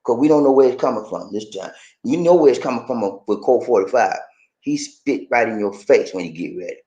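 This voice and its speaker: A man hosting a casual live-stream show and reading out viewer comments. He is chatty and says "man" often, and he jumps from excited high bursts to low, serious talk. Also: a little fast.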